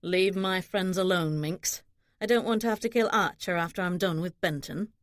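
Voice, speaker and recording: A woman reading an audiobook, voicing a young nobleman who speaks in a low, flat, controlled way. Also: normal speed, dry recording, clean studio sound, natural voice. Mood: stern. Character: young nobleman, protective, wolfish temper.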